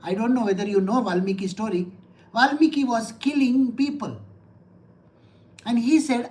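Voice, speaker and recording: A woman's voice: fairly high pitch, normal speed, a little mellow. A woman giving a scripture discourse in a blunt, emphatic, conversational way. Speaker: spiritual teacher.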